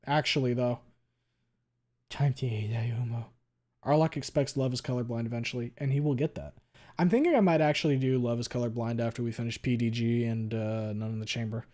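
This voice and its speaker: A male streamer chatting casually with viewers, talking quickly and running words together, with a lot of swearing. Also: mid-range voice, a little mellow. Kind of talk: casual chat reading viewer messages.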